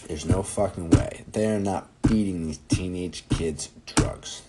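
A man's voice: low-pitched, unhurried, heavy background noise. A man in his twenties hosting his own podcast, rambling and joking with plenty of swearing in casual monologue. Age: 20s. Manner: profane, rambling, jokey. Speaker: podcast host.

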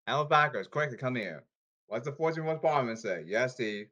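A man's voice: medium pitch, animated, normal speed, sharp tone, dull audio. A man talking casually to his audience, rambling and repeating himself as he jumps between topics. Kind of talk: casual rambling talk to camera.

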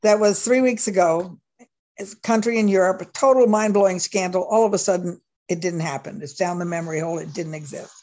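A woman's voice: lowish voice, brisk, a little mellow. A woman guest in a casual discussion, speaking earnestly and emphatically.

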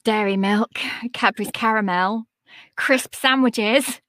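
A woman's voice: fairly high pitch, slow, fairly bright tone, no room sound, clean studio sound. A woman, an audiobook narrator, chatting as a podcast guest with enthusiasm. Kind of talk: casual interview chat.

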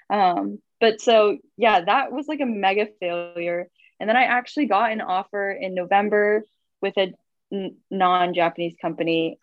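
A woman's voice: mid-range voice, no echo. Chatty young woman, muffled call audio. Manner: chatty storytelling, filler-heavy. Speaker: guest. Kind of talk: casual chat. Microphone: phone on video call.

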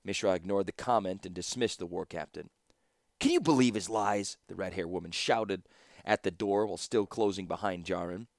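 A man giving scripted audiobook narration in a steady storytelling manner. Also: sits low, fairly quick, no echo, clean studio sound.

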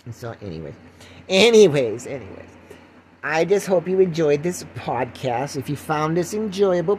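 A man's voice: high voice, lively intonation, a little fast, slight background noise. An older man hosting his own podcast in a goofy, rambling comic monologue, laughing often and dropping into silly voices. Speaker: podcast host.

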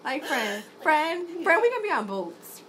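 A woman's voice: high-pitched, very animated, normal speed. A woman co-host chatting casually, playful and laughing along. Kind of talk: casual chat. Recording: noisy background.

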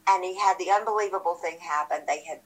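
A woman's voice: lowish voice, fast. Chatty, digressive woman telling a story. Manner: chatty, digressive, emotional storyteller with self-corrections. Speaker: actress and interview guest. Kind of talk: casual storytelling in an interview.

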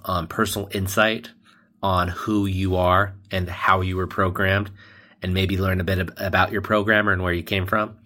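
Deep-voiced rambling male podcast host. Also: fairly bright tone. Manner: rambling, filler-heavy, joking. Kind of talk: casual comedy podcast chat.

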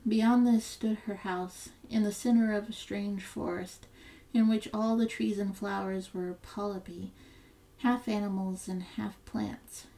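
A woman narrating a fairy tale as a storyteller, in a steady, measured reading. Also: medium pitch, gravelly, poor audio.

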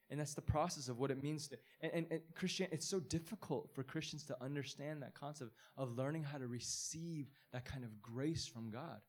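A man's voice: on the high side, a little fast, hardly any pauses. A man, a pastor, giving an informal, earnest sermon in a conversational way, often restarting his sentences.

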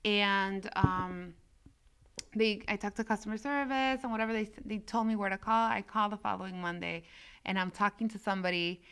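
A woman chatting casually and telling an animated story, slipping Spanish phrases into her English and acting out both sides of a phone call. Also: medium pitch, normal speed, clean tone. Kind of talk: casual chat.

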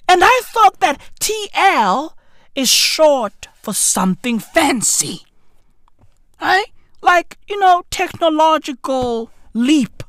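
A woman's voice: high voice, big pitch swings, takes it slowly, a bit bright, no echo, studio quality. Exasperated woman, profane rant. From South Africa. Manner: profane, exasperated, heavy use of slang. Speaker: comedian ranting to camera. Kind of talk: comedic rant.

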